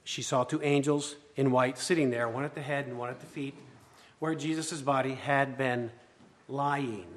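A male pastor preaching a sermon, swinging between loud urgency and hushed, quiet passages. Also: medium pitch, steady tone, normal speed. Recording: long hall reverb.

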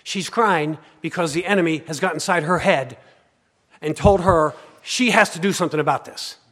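A male pastor preaching a sermon, swinging between loud urgency and hushed, quiet passages. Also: fairly high pitch, normal speed. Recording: long hall reverb.

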